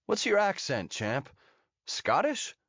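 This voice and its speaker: A sneering American thug with a taunting, mocking edge, as a male narrator puts him on. His voice rides noticeably high and thin. The audiobook audio is dull and lo-fi in a dead, dry space. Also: wildly swooping pitch, takes it slowly, a bit bright, no echo, exaggerated voice.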